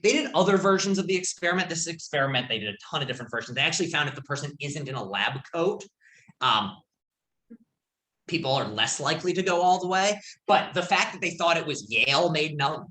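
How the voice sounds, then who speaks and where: Male lecturer, bright, forceful tone, casual storyteller, roomy classroom sound. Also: on the high side, expressive, a little fast. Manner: casual, storytelling, filler-heavy. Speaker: college lecturer. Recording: echoey classroom.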